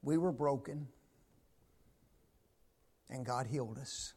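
A male preacher delivering a sermon in a fairly high voice, taking his time over each phrase. He climbs to loud, emphatic peaks, then drops to a hushed near-whisper. He keeps asking the congregation rhetorical tag questions. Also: unhurried, long pauses.

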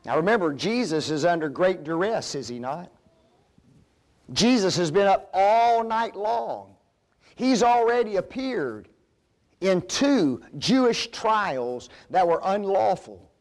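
A man's voice: high voice, lively intonation, slow pace. A man preaching a Bible lesson, speaking emphatically, calling the listeners folks and asking rhetorical questions. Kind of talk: sermon-style Bible lesson.

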